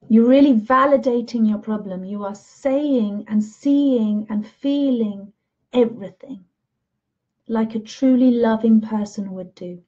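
A woman spiritual teacher guides listeners through a self-love session, speaking slowly with soothing, gentle care. Her voice is mellow and sits a little high. The recording sounds slightly muffled. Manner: slow, soothing, gentle guidance.

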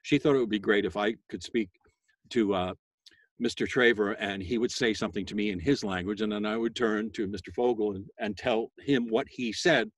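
A voice actor talking casually to a school class, chatty and self-deprecating, with many fillers and bursts of a loud sales voice. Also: male voice, fairly low pitch, moderate pace, breathy edge, no room sound. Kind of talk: casual interview talk.

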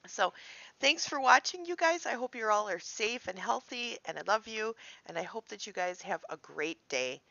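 A woman's voice: medium pitch, normal speed, creaky, hardly any pauses, bright, forceful tone, dry recording, lo-fi sound. A woman vlogging in a cheerful, sing-song way as she opens her mail at home. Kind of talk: casual vlog chat.

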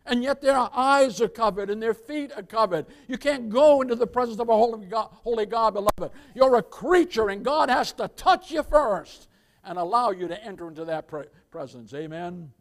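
A man with a notably high voice preaches a sermon. He swings between booming, emphatic cries and quiet, intimate asides, calling the congregation beloved and asking for amens. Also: expressive, moderate pace. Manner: preaching with dramatic swells, repeated "beloved", calls for amen. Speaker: pastor.

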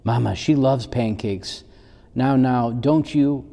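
A man voicing a cheerful, eager young boy in a storybook, with a quick, bouncy manner. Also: medium pitch, gravelly, warm tone, big-room sound.

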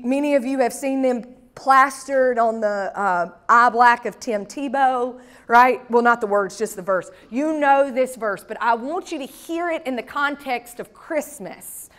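Woman pastor, fairly high voice, folksy conversational storyteller preaching a sermon. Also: a bit bright.

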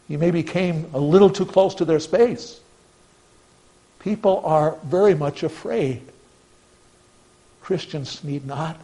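High-voiced male pastor preaching earnestly. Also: poor audio. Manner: earnest preaching, swings from emphatic to hushed. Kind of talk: sermon.

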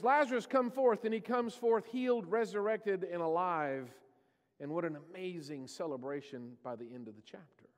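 A man with a high voice preaches a sermon in a church. The sound carries a long reverb from the hall around him. He tells scripture stories and slips into the voices of the people in them. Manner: storytelling, acting out quoted voices. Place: church sanctuary.

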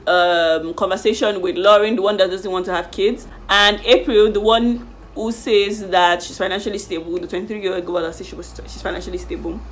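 A woman chatting casually in a lively, animated way as she reviews a reality show. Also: mid-range voice, brisk, a little hiss or hum. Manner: lively, animated retelling with slang. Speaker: YouTube reviewer.

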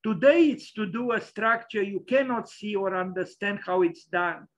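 A man's voice: high-pitched, normal speed, poor audio. A man giving an opinionated lecture over slides, hesitant and full of fillers.

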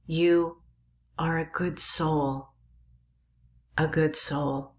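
Frail dying old man, read by a woman: thin raspy whisper, slow and low. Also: steady tone. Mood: faint, tender. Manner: short breathy bursts, near whisper. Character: dying old male professor, weak and tender.

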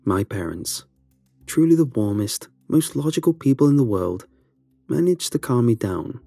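A man reading a first-person horror story aloud, with a slow, dramatic storytelling delivery. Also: medium pitch, big pitch swings, vocal fry, dark tone, no room sound, soft background music. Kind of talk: scripted horror narration.

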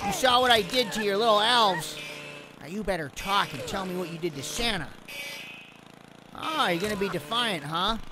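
A man's voice: high-pitched, background noise. A man doing Grandpa Lemon, a rambling old lemon. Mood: mock-tough. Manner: rambling, exclaiming at the game. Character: elderly male lemon, rambling and chatty. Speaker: game commentator. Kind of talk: let's play commentary.

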